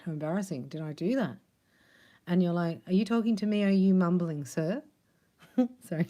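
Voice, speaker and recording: A woman's voice: lowish voice, dark tone. A woman giving a chatty, playful tarot reading, laughing often and sometimes dropping to a near whisper. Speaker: tarot card reader. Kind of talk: casual tarot reading monologue.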